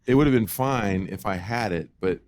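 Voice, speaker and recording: A man co-hosting a podcast, telling a childhood story in an animated, casual way and acting out the voices. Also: on the low side, normal speed. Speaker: podcast co-host.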